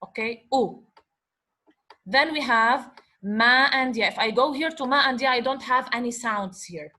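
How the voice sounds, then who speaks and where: A woman teaching a slow online lesson, patiently repeating and sounding out letters over a video call. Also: a little high, pushed and bright. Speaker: Arabic teacher.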